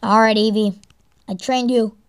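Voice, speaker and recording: A woman's voice: on the high side, steady tone, moderate pace, smooth. A young woman giving gameplay commentary, exasperated and swearing at the game as she plays. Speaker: let's play gamer.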